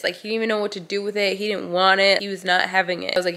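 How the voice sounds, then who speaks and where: A woman's voice: medium pitch, flat delivery, a little fast, hardly any pauses, a bit bright. A woman talks through a casual storytime vlog, her voice congested and throat sore. She rambles in a chatty, filler-heavy way, with "like" dropped into nearly every phrase. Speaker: vlogger and mom.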